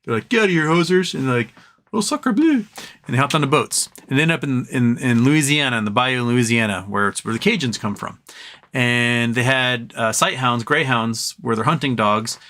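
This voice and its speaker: A man's voice: medium pitch, steady tone, a little fast, pushed and bright. A man hosting a live stream from home, chatting casually, answering viewer comments and trailing off into rambles.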